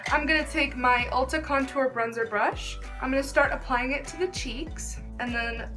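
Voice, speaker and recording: Over music, a young beauty vlogger talks at a moderate pace in a high-pitched voice while doing a makeup tutorial. Her manner is chatty and gushing, heavy on the filler word "like."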